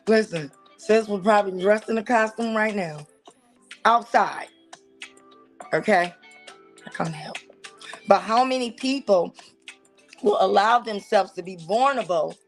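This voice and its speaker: A woman with a Southern US accent hosting a casual talk show, talking straight to her viewers in an animated, preachy and teasing way. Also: medium pitch. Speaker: host. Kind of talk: casual commentary on church life.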